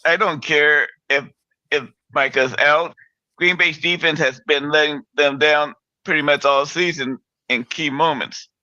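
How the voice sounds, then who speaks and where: A man's voice: fairly high pitch, fairly even intonation, measured pace, bright, forceful tone, no echo, highs cut off. A man co-hosting a casual sports talk show, blunt and opinionated, stumbling a little as he talks.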